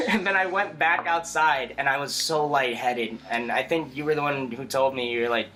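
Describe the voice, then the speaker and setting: Bright-voiced young man telling a story. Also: mid-range voice, moderate pace, slight background noise. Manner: animated, laughs often, many fillers. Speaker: podcast co-host. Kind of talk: casual storytelling chat.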